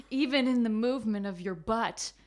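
A woman's voice: a little high, measured pace, natural voice. A woman reading as a poised fashion-school headmistress. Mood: amused, grand. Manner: stilted read with frequent giggles.

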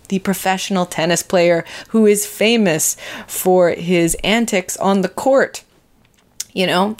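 A woman hosting a podcast, telling a story about herself in a candid, self-deprecating, chatty way, swearing casually and laughing at herself. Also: mid-range voice. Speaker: podcast host. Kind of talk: casual monologue intro.

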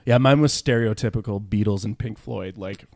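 A man's voice: lowish voice, moderate pace, gravelly, darkish tone, no room sound. A man co-hosting a podcast, teasing and wry in casual chat, often stumbling over his words.

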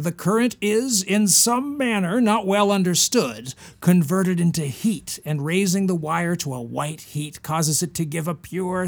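A man voicing a stuffy 19th-century gentleman writing a letter, reading it formally in a put-on non-American accent. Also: high voice, gravelly, full character voice.

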